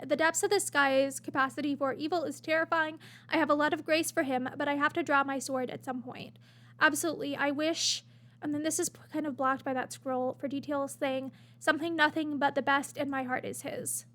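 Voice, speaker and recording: A woman's voice: high voice, fairly bright tone. A woman casually commenting while reading out message screenshots, chatty with many fillers and bursts of gushing. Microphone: webcam-style desk setup.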